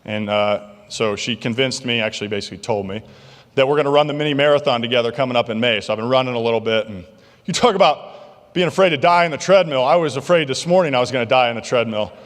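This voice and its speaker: A male keynote speaker telling stories in an animated, jokey way to a banquet crowd. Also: medium pitch, fast. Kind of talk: motivational keynote storytelling. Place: large banquet hall. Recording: long reverb of a large hall.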